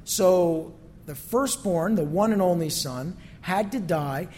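A man's voice: high-pitched, takes it slowly, darkish tone, slight background noise. A male pastor giving a conversational sermon that is full of rhetorical questions, recorded in a church sanctuary. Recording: long reverb from a hall.

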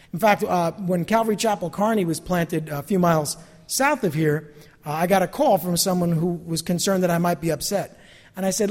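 A man's voice: high-pitched, moderate pace, darkish tone, big-room sound. A pastor delivering a sermon in a church, talking animatedly and acting out the voices of people he quotes.

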